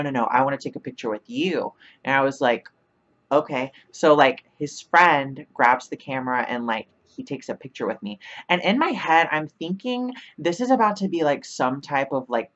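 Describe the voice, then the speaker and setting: A woman's voice: a bass voice, highs cut off. Chatty young woman telling a story. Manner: chatty, fills with 'like', laughs often. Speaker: vlogger. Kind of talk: casual storytime.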